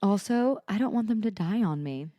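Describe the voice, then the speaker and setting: A woman co-hosting a podcast in casual chat, reacting with quick, blunt interjections and telling her own stories. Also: medium pitch, expressive, warm tone, dry recording, studio quality. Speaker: podcast co-host.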